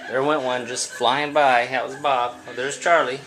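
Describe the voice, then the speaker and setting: A man's voice: mid-range voice, flat delivery, moderate pace, over music. A man filming his cats at home on a handheld camera, chatting casually and cooing at them in a raised voice. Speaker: cat owner filming his pets. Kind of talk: casual home video narration. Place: indoors at home.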